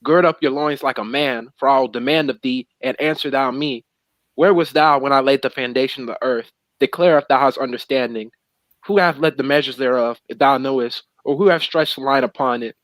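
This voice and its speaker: A man's voice: medium pitch, fairly quick, fairly bright tone, dry recording, poor audio. A young man in casual religious discussion who reads long scripture passages aloud in slangy everyday talk. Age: young adult. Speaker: co-host of religious talk show.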